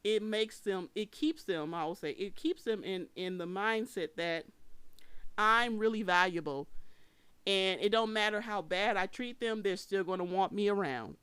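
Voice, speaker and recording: Vlogger, casual opinion commentary, emphatic, repeats phrases, smooth clear voice, dry close sound. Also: medium pitch, unhurried, a bit bright, dry recording.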